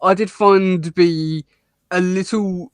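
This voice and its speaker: Man co-host in a casual review chat, slightly high voice, stop-start and hesitant delivery, dry close sound with no room echo. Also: steady tone, clean tone. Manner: halting, many restarts and fillers, laughs often. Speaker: podcast co-host reviewing a cartoon episode.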